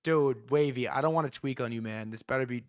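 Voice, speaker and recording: A man hosting a live stream, reacting to news in excitable, profane commentary and repeating words in rapid bursts. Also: medium pitch, dry recording, studio quality. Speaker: livestream host.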